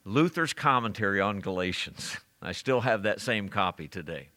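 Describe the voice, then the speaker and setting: A man's voice: fairly low pitch, animated, moderate pace, sharp tone. A man preaching a sermon as a pastor, emphatic and direct, asking his listeners rhetorical questions.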